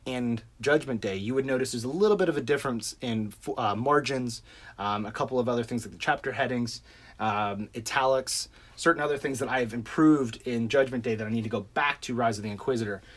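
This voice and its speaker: A man who writes novels, giving a casual, rambling update to his viewers, full of fillers and restarts. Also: medium pitch. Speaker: self-published novelist. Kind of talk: casual update vlog to camera. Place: home room with adjusted lighting.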